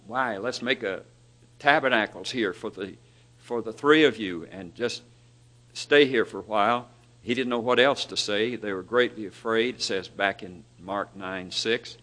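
A man preaching a sermon, asking his listeners questions, lifting his voice for emphasis and letting phrase ends fall very soft. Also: medium pitch. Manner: dynamic, rising for emphasis and dropping to near-whispers at phrase ends; asks the listeners rhetorical questions.

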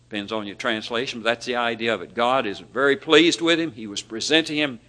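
A man preaching a sermon, asking his listeners questions, lifting his voice for emphasis and letting phrase ends fall very soft. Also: medium pitch, fairly quick, few pauses. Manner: dynamic, rising for emphasis and dropping to near-whispers at phrase ends; asks the listeners rhetorical questions.

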